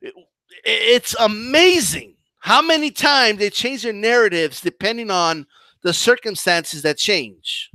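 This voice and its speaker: Animated high-voiced man ranting. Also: unhurried, no echo. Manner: animated, mocking, combative rant with restarts. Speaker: boxing commentary channel host. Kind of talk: live-stream commentary reading chat.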